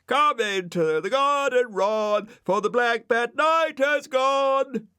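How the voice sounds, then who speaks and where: Brian: a man doing a dithering high-voiced snail. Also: big pitch swings, moderate pace. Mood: sing-song. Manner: high, quavery and fussy. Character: dithering nervous male snail, chirpy and silly.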